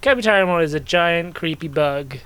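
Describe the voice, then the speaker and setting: A man's voice: on the high side, a little fast, fairly bright tone, clean tone. A man co-hosting a podcast in casual chat, enthusiastic and laughing often. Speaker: podcast co-host.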